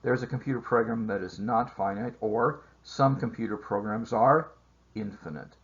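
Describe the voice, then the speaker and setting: A man teaching a math lesson over slides, explaining steps in a measured way with frequent filler sounds. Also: lowish voice, slightly rough, lo-fi sound. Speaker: math instructor. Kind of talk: recorded lecture over slides.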